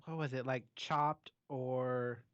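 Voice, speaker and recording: A man's voice: medium pitch, steady tone, slow pace, a bit bright, clean tone, no echo. A male co-host with a mid-range voice, giving short, easygoing replies. His voice comes through a dull, slightly muffled mic, dry and close with no room sound. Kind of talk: casual talk-show chat.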